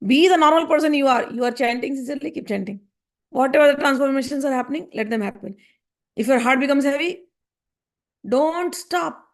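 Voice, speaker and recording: A woman giving a spiritual discourse, earnest and gently reassuring, repeating her points. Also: high-pitched, brisk. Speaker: spiritual teacher.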